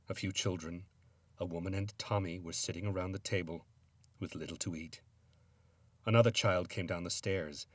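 Deep, husky man reading a dark tale. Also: no room sound. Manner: grave, theatrical first-person telling. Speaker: narrator. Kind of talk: dramatic story reading.

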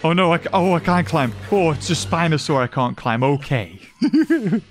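Excitable, high-voiced gamer. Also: male voice, normal speed, faint music behind. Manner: excitable and sarcastic, with frequent exclamations. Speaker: gaming YouTuber. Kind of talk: let's-play commentary.

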